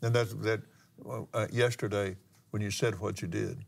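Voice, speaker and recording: An older man with a drawl tells a story in an unhurried, folksy way, often pausing and starting his sentences over. His voice sits low and has a gravelly rasp to it. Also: steady tone. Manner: folksy, drawn-out storytelling with pauses and restarts. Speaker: minister and pilot. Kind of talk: storytelling testimony in a broadcast talk.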